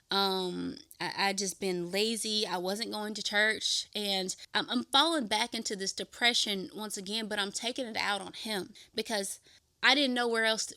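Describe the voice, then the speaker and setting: A woman's voice: mid-range voice, gravelly, sharp tone, smooth, dry recording. Candid young woman sharing her testimony. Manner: candid, rambling with fillers and restarts. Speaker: podcast host. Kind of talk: personal testimony.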